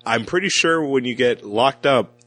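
A man's voice: medium pitch, lively intonation, normal speed, a bit bright. A man co-hosting a casual movie podcast, wry and laid-back with some swearing. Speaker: podcast co-host. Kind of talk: casual movie review chat.

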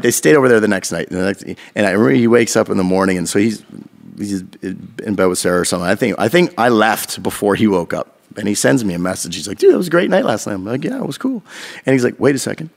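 A man's voice: fairly low pitch, creaky. A man telling a long story on a casual podcast, swearing freely and acting out what people said to him. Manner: profane, animated storytelling with quoted dialogue.

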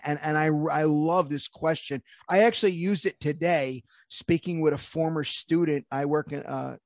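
A man with a gravelly, slightly high voice hosts an interview. He talks haltingly with many fillers and frequent laughter. The sound is dry and close. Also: dry recording. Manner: hesitant, full of fillers and laughter. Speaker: podcast host, PE teacher. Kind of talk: conversational interview.

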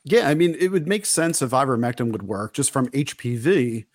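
A man hosts a casual talk radio chat while running a fever, speaking in an easygoing, rambling way. His voice sits at a middle pitch. The sound is dry and close to the mic. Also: moderate pace, no echo. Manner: relaxed, chatty, with fillers and laughs. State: feverish with covid. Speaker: host.

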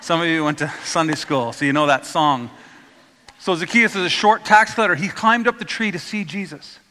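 A man preaches a storytelling sermon, his bright voice sitting a little high. He acts out the voices in the stories and asks the congregation to repeat words after him. The sound carries a long hall reverb. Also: a little fast. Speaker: pastor.

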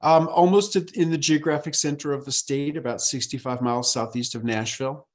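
A man from Manhattan speaking as a podcast guest, calm and measured, often pausing on fillers. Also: fairly high pitch. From Manhattan, New York. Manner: measured, many ums and you-knows. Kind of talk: casual interview chat.

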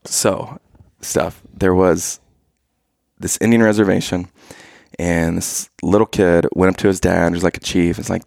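A man's voice: sits low, fairly even intonation, a little slow, vocal fry, darkish tone, dry recording, clean studio sound. A man telling dad jokes to his wife and laughing at his own punchlines in a playful, casual way. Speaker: joke-telling husband. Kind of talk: casual dad-joke storytelling.

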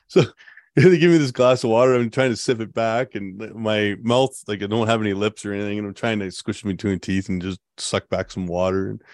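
Man, rather low voice, dry close sound, relaxed rambling storyteller. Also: dry recording. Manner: relaxed, rambling, laughs often, many fillers. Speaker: guest telling a survival story. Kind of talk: casual storytelling interview.

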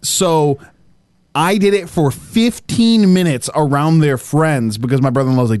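Guy cohosting a gaming podcast, high voice, goofy riffs and lots of laughing. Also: darkish tone. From Michigan, USA. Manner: jokey, laughs often, quick riffs. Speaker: podcast co-host. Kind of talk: casual podcast banter and ad read.

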